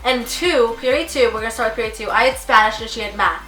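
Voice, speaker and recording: Teenage girl, casual vlog story, slightly high bright voice, echoey room. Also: quick pace, distant mic, faint music behind. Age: teens. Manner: chatty, lots of filler. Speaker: vlogger.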